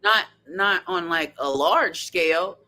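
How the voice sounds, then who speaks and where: A woman hosting a casual podcast chat, animated and sassy, laughing often as she talks. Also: on the low side, slow pace. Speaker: podcast host.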